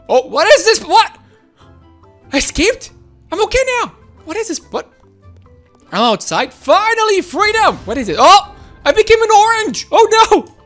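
A woman giving excitable, exclaiming commentary while playing a video game, with faint game music behind her. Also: extremely high pitch. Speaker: gaming video host.

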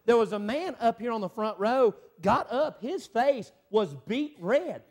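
A man preaching a revival sermon as an evangelist. He swings from loud shouting to hushed, emotional storytelling. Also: very high-pitched, expressive, a little slow. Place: church sanctuary.

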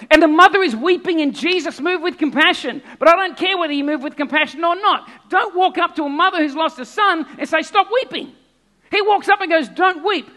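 A man preaching a sermon, telling Bible stories in a conversational, animated way with acted asides. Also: very high voice. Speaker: pastor.

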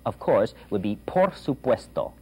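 An enthusiastic male teacher runs an informal language lesson and coaxes his student along. His husky voice leaps up and down in pitch as he drills phrases slowly. He sounds playful and encouraging throughout. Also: big pitch swings, darkish tone, low-quality recording. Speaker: Spanish teacher.

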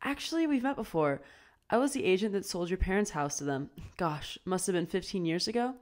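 A woman's voice: on the low side, lively intonation, a little fast, close to an everyday voice. A woman voicing a breezy, chatty middle-aged mother. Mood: cheerful.

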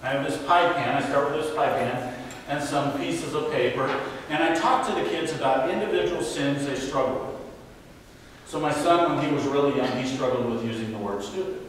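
A man's voice: medium pitch, moderate pace, a little hiss or hum. A man giving a faith-based parenting talk, telling stories with acted quotes. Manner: animated storytelling with acted quotes. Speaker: parenting speaker. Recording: echoey hall from far off.

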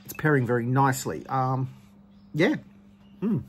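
A man hosting his own whisky channel. He gives casual tasting commentary at home and talks in a relaxed, hesitant way with frequent ums. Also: mid-range voice, unhurried, a little hiss or hum.

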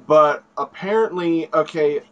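A man's voice: on the high side, a little slow, dull audio. A man hosting a comic book chat, rambling casually and acting out lines he quotes. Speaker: comic book video reviewer.

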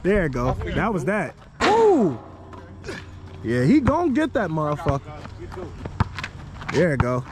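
A man filming a pickup basketball game outdoors and commenting in a loud, laughing, excitable trash-talk style. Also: on the high side, slow, long pauses, noisy background. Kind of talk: casual commentary.

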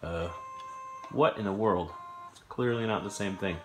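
Man, lowish voice, casual gameplay commentary, excitable, thinking aloud, roomy sound. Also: normal speed. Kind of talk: casual let's-play commentary. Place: home living room, on a sofa. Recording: echoey room with game music behind.

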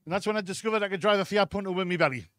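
A Geordie man performs brash, crude stand-up on a club stage, checking in with the crowd after nearly every line. His voice sits high for a man. The sound is close and dry. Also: very fast, fairly bright tone, no room sound. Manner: brash, crude storytelling with constant "right?" asides to the crowd. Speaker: stand-up comedian. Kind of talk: live stand-up set.

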